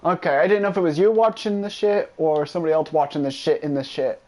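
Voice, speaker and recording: A man's voice: a little high, fast. A man streaming a video game, chatting casually and trash-talking a friend with lots of swearing. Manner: profane, excitable trash-talk. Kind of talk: casual gameplay commentary.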